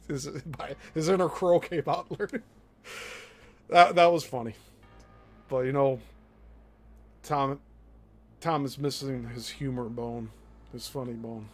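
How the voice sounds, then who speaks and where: A man with a Midwestern accent giving blunt, opinionated commentary, with some swearing. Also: medium pitch. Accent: Midwestern American. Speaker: commentary host.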